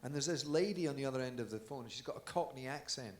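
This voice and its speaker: A man's voice: mid-range voice, quick pace. A man being interviewed on stage at a live event, telling chatty anecdotes and laughing along. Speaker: guest dancer on stage. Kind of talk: storytelling at a live audience event. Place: large conference hall. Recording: echoey hall with stage mic.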